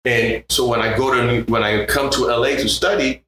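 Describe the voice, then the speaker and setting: An older man from Puerto Rico, a guest bassist, telling stories in a casual interview and acting out other people's voices. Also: moderate pace, heavy reverb, poor audio. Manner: animated, acts out others' voices in quotes.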